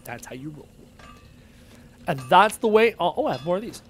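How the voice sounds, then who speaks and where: High and sing-song at a moderate pace, this male streamer comments on his live gameplay, muttering to himself and reading chat out loud. A little hiss or hum sits under the audio.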